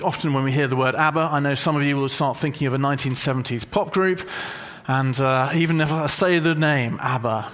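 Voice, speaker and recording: A man preaching a sermon to a congregation, conversational and gently humorous as he explains a word. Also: mid-range voice. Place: church hall with a congregation.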